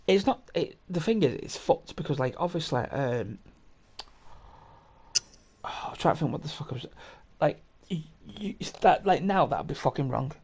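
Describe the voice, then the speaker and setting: This podcast host is a young man whose fairly high, slightly rough, somewhat mellow voice stays animated at a moderate pace. He tells his story casually, wandering, cursing, laughing, and starting over often.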